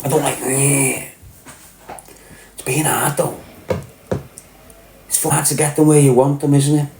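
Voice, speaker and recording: A man's voice: on the high side, fairly even intonation, normal speed, gravelly, darkish tone, slight background noise. A man with a Liverpool accent hosting a livestream, talking bluntly and swearing as he reads out chat. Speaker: livestream host reading chat. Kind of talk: casual livestream rant. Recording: roomy echo.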